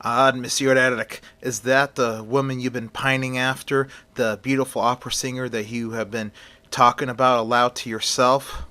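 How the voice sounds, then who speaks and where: A man's voice: medium pitch, little pitch movement, normal speed, pushed and bright, lightly acted. Sly old rat catcher, taunting, a man plays him.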